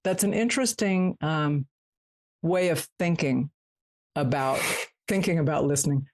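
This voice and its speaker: A woman hosting a podcast interview. She speaks in an animated, reflective, self-deprecating way. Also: sits low, a little slow. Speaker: podcast host. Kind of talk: interview conversation.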